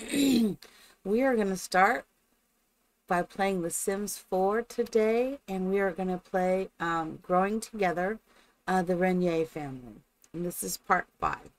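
After starting with a spoken blessing, a woman streams her gameplay live, chatting casually and addressing her game characters affectionately. Her voice sits on the low side and she's unhurried, though the recording is rough.

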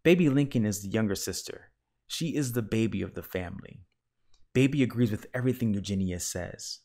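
A man reading a children's picture book aloud in a calm, measured narration. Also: on the low side. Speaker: storyteller.

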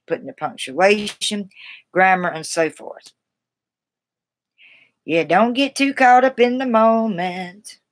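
A woman with a Southern American drawl talks to her live stream viewers in a loose, rambling way, laughing easily as she goes. Her pitch sits in an ordinary middle range. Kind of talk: casual live stream chat.

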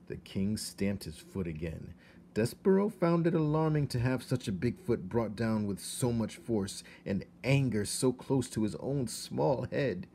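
A man, a teacher, reading a children's story aloud in an expressive way, dropping to hushed tones. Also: lowish voice, a little slow, gravelly, husky.

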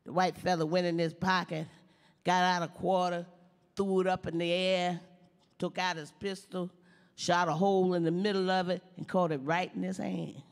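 An actress playing an elderly woman stand-up comic, telling folksy jokes with slow, sly punchlines on a theater stage. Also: lowish voice, little pitch movement, close to an everyday voice. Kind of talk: live stand-up comedy routine in a play. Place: theater stage before an audience. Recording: long hall reverb of a live theater.

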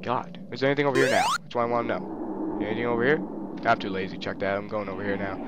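A man giving crude, jokey commentary on a horror game, reacting loudly to the scares. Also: on the low side, steady tone, quick pace, lo-fi sound, very noisy. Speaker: gameplay commentator. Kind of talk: let's play commentary. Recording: game music playing under the voice. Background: game music.

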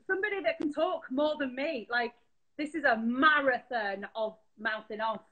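A woman's voice: high voice, normal speed, bright, forceful tone, muffled recording. A woman chatting as a guest on a video call, talkative and teasing. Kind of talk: casual video-call chat.

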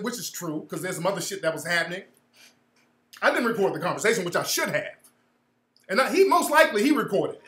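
Profane mocking man, bright roomy sound. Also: high voice. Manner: profane, mocking, mimics in a meek voice. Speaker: host. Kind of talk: livestream commentary reacting to a clip.

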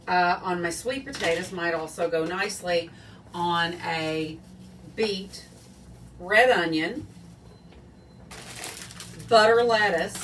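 A woman's voice: lowish voice, fairly bright tone, recorded from a distance, slight background noise. Chatty woman cooking in her home kitchen. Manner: chatty, rambling, self-deprecating. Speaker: cooking show host. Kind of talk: casual home cooking livestream. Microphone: phone or camera on small tripod, set back.

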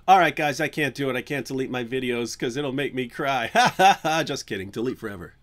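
A man hosting a relaxed live stream, talking casually and teasing his co-host. His voice sits at an ordinary middle pitch, and he slips into goofy falsetto bits between plain remarks. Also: slight background noise. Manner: joking, breaks into silly falsetto singing. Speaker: channel host.

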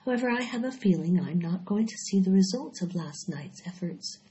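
A woman voicing a tired, gentle and wise female spider with a weak, quiet voice. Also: medium pitch, animated, fairly quick, natural voice. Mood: sad. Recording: dull lo-fi recording.

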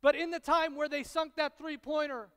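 A pastor preaching a sermon, telling stories with repetition and dramatic pauses, swinging from hushed, intimate lines to loud, excited bursts. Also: male voice, very high-pitched. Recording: long reverb of a large hall.

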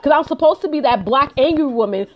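The recording is muffled as this woman, a home business consultant, addresses her live-stream viewers with emphatic, repeated motivational points. She has a high voice and an animated, quick delivery.

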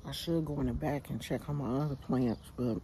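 A woman's voice: extremely low pitch, steady tone, fairly quick, warm tone, slight background noise. An older woman with a Bay Area accent, telling a casual story to her viewers in a chatty, slangy way, outdoors in her yard and recorded on a phone camera. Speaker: vlogger. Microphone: phone camera held by speaker.

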